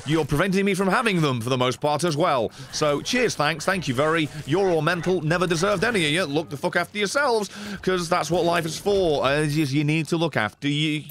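A British man streaming a game live, swearing freely, excitable, and effusively thanking his viewers. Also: on the high side, a little fast, slight background noise. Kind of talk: live gaming stream commentary.

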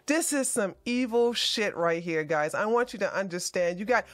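A woman hosting a political commentary show, talking over a video in an animated, emphatic way. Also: a little high, normal speed, few pauses, no echo. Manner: animated, emphatic, profane outbursts.

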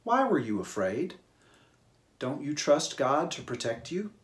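A man voicing a calm, gentle Jesus in a children's Bible story, speaking quietly and soothingly. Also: on the high side, unhurried.

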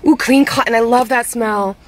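A young woman, vlogging in a bubbly, gushing casual chat with quick exclamations. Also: fairly high pitch, fairly even intonation. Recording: noisy home vlog audio.

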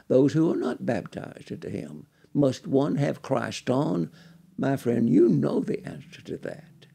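A man's voice: mid-range voice, animated, unhurried, creaky, dark tone, breathy edge. A man preaching a sermon, quoting scripture and building with dramatic rises in his delivery.

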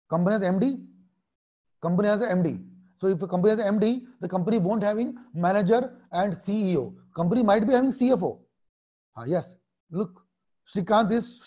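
A man's voice: high-pitched, warm tone. A man in his thirties with an Indian English accent, teaching an online exam-prep lecture in a blunt, repetitive way and mixing in Hindi phrases.

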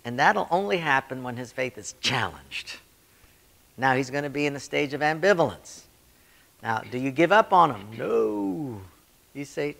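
A male pastor teaching a church leadership class, telling stories and acting out quoted voices with sudden rises in pitch and loudness. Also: lively intonation, normal speed, gravelly, slightly rough. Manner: storytelling, acts out quotes with big swings in pitch and volume. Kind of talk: sermon-style Q&A teaching.

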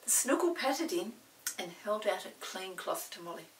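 Animated grandmother reading a storybook. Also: medium pitch, moderate pace, recorded from a distance, rough recording. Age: older. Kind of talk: reading a children's book aloud.

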